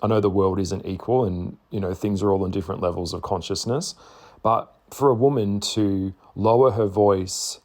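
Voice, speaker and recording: A man talking bluntly to camera in a casual monologue, swearing freely and stressing his points with slow, repeated words. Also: sits low, fairly even intonation, a little mellow. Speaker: spiritual vlogger.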